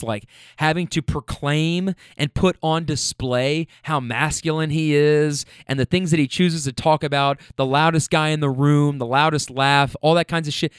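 A man's voice: a little high, clear, resonant tone, dry recording, clean studio sound. A young man animatedly retelling a bar confrontation in a casual, profane monologue, full of restarts and heated quoted lines. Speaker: storyteller.

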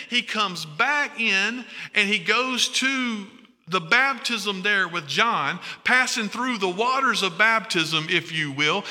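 A preacher delivering a sermon with a tense, forceful voice pitched a little high. He talks animatedly and throws questions at his listeners. The sound carries a long hall reverb. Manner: animated, asks the congregation questions.

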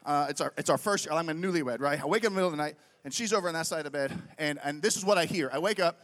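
A young adult man preaching a sermon in an animated, conversational way, telling stories and often asking "right?". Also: a little high, rapid-fire. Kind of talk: sermon with storytelling.

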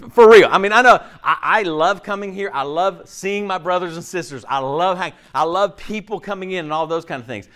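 Male pastor, slightly higher voice, chatty sermon delivery, acts out quick voices, keeps checking in with the congregation. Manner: conversational, animated, acts out voices, frequent "okay?" and "right?".

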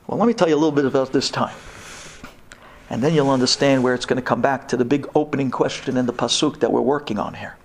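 A rabbi telling a humorous personal story in a Torah talk, animated and acting out the dialogue. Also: male voice, medium pitch, fast.

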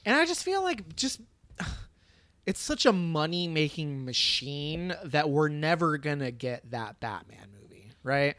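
A man's voice: a little high, big pitch swings, measured pace, a bit bright, no echo. A man co-hosting a casual podcast chat, rambling with many fillers and casual swearing. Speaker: podcast co-host reviewing a film.

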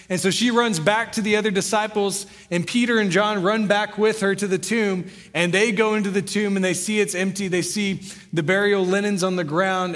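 A young man with a high, light voice preaches a sermon, moving between scripture reading and easygoing explanation. His voice carries a long reverb, as if heard in a large hall. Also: fairly bright tone. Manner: conversational preaching with Bible reading. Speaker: pastor.

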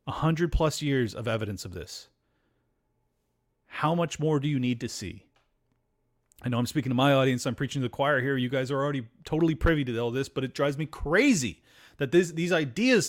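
A man hosting a political commentary show, ranting in a sarcastic, mocking way and swearing freely. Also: on the high side. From United States. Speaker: podcast host.

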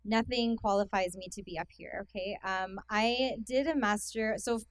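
A woman's voice: medium pitch, normal speed, dry recording. A young woman with a Canadian accent giving a casual talk as a guest speaker, chatty and self-deprecating with plenty of fillers. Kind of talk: casual talk to a youth conference. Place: hall with an audience.

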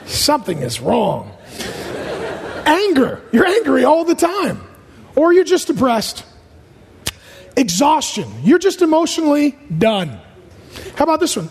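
Delivering rapid-fire jokes and punchy short lists, this male pastor gives a funny sermon in a big church auditorium. He has a very high voice with big pitch swings and vocal fry, and the hall is reverberant.

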